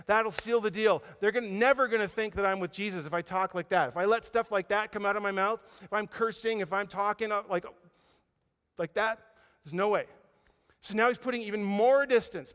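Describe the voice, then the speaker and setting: A man preaching a sermon as pastor, telling a story with dramatic swings from loud emphasis to hushed quiet. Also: high voice. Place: church auditorium. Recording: hall reverb.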